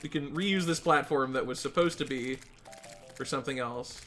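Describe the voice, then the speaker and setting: A speedrunner giving live gameplay commentary, excitable and exasperated, talking to themself and the chat. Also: medium pitch, normal speed, faint music behind. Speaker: speedrunner streaming a game.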